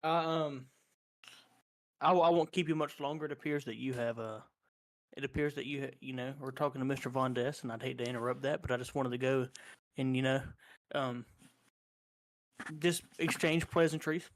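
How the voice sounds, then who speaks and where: A man's voice: mid-range voice, fairly even intonation, normal speed, long pauses. A man playing a paladin in a tabletop game, talking hesitantly with many fillers. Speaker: player. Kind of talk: tabletop role-play.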